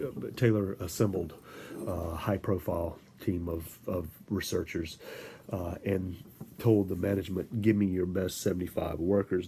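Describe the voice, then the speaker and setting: Deep-voiced, halting male lecturer. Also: a little hiss or hum. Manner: halting, many restarts and filler words; animated storytelling with acted-out quotes. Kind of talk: informal lecture.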